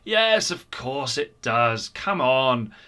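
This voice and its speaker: A man's voice: medium pitch, sing-song, slow pace, bright, forceful tone, clear, resonant tone, heavily acted. A man voicing a self-assured stranger who breezily insists he knows the way. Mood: smug. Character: overconfident male stranger, smug guide.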